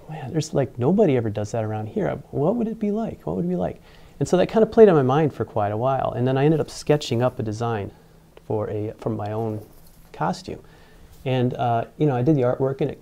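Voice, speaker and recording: A man's voice: medium pitch, vocal fry, warm tone. A man being interviewed, telling a personal story in a rambling way with many fillers and restarts. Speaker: engineer interviewed about mascot costuming.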